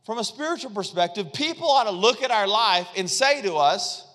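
High-voiced preacher in a reverberant hall. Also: male voice, lively intonation, normal speed, few pauses, bright, forceful tone. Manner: conversational preaching with repetitions and audience call-and-response. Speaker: pastor. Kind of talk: sermon.

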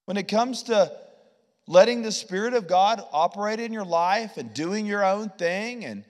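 A man preaching a sermon as a pastor, telling stories in an animated way and repeating words as he builds a point. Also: high voice, normal speed. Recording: long hall reverb.

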